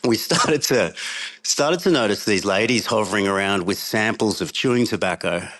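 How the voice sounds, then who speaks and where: A man's voice: lowish voice, normal speed, fairly bright tone. A middle-aged Australian man, a podcast guest, telling a rambling travel story in a casual way and laughing often as he goes.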